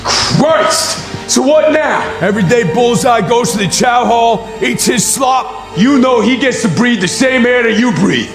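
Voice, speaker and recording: A man's voice: extremely high pitch, expressive, unhurried, few pauses, echoey room, faint music behind, exaggerated voice. An actor playing a furious, bitter, hardened male vigilante in a TV drama clip. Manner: shouting, bitter.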